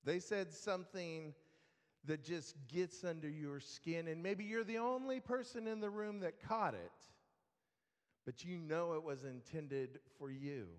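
A man preaching a sermon, telling a story slowly with dry humor and talking straight to the congregation. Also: fairly high pitch. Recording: long hall reverb.

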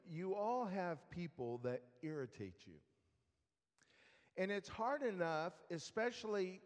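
A man delivers a sermon at a slow, deliberate pace, retelling a story with dry asides to the congregation. His voice sits fairly high for a man. A long reverb trails his words, as in a large hall. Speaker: preacher.

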